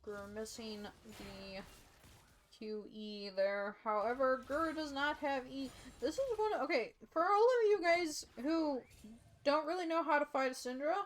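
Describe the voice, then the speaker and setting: A young woman calls an esports match live with easygoing, drowsy play-by-play, her voice pitched a touch high. She talks slowly and stretches her words. A faint hum of background noise sits under her voice. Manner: sleepy, yawning, casual play-by-play. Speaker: esports caster.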